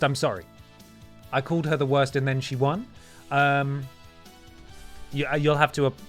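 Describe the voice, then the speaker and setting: A man hosting a stream, doing playful, theatrical mock wrestling commentary. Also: medium pitch. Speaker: streamer host.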